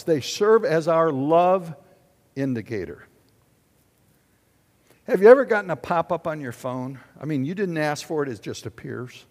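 An older man preaching a sermon in a church, animated and questioning his congregation. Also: fairly high pitch. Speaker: pastor. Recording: long hall reverb.

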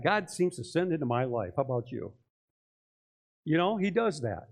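A man's voice: a little high, expressive, normal speed. Conversational pastor questioning his congregation. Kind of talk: sermon. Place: church.

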